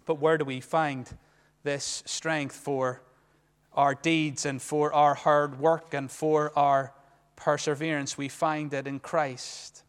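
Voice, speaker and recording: A man preaching from the pulpit, his voice sitting high for a man. He swings between booming declarations and quiet, hushed asides. A long church reverb trails every phrase. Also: flat delivery, slow, clean tone. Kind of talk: sermon. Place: church sanctuary.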